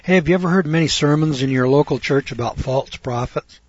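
A man's voice: fairly high pitch, a little fast, darkish tone, no room sound. An older man teaching from the Bible in a folksy, chatty way, full of rhetorical questions. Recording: dull dry lo-fi recording.

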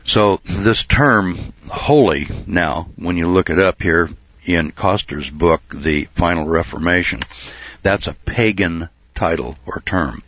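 Low-voiced preacher guy, rambling folksy sermon, dull dry lo-fi tape. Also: slow, fairly bright tone, no echo. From United States. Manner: folksy, digressive, frequent uh and clearing throat. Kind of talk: sermon with Bible study.

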